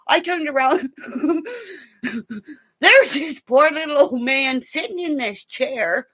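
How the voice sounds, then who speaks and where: An older woman with grandchildren, telling funny home stories in a casual, animated way, laughing often and swearing now and then. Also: sits high, takes it slowly, long pauses. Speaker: vlogger. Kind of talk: casual storytelling.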